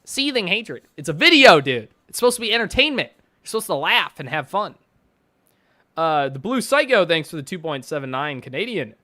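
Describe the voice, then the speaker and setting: Male streamer, casual sarcastic reaction commentary, swears freely, bouncy delivery, slightly high pitch. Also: sing-song, a little fast, bright, forceful tone, no echo, clean studio sound. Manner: profane, ranting, mocking; reads chat and posts aloud with sarcastic asides.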